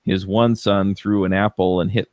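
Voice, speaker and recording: A man with a low voice talks through a story in casual podcast chat, loose and full of fillers. His voice is close and dry, with almost no room sound. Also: normal speed, no echo. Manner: relaxed storytelling with many fillers. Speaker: podcast co-host.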